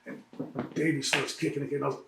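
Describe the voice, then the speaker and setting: A man in a shoot interview, telling profane road stories in an animated way and acting out what others said. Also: on the high side, quick pace, creaky, roomy sound, noisy background. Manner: animated, profane anecdotes with quoted voices and laughter.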